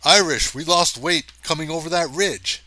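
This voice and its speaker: A man voicing an excitable young male space cameraman for a storybook reading, speaking in an urgent, raised voice. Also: on the high side, a little slow, dry recording, pitched above the performer's own voice, heavily acted.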